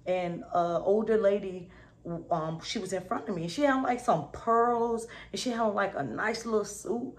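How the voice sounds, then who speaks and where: A woman's voice: mid-range voice, normal speed. Upbeat slangy woman vlogger. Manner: slangy and upbeat, keeps saying "you feel me". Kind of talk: casual motivational talk to camera.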